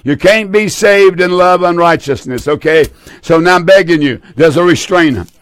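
An older man preaching a fervent sermon, pleading and repeating phrases, often trailing off low at the ends of lines. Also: moderate pace, clear, resonant tone, dry recording, studio quality. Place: seated indoors.

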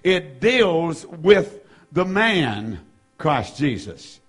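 A man preaching a sermon, reading scripture aloud and repeating key phrases with slow, drawn-out emphasis. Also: a little high, very animated, slightly rough, soft background music. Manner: reads scripture in old-fashioned wording. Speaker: pastor.

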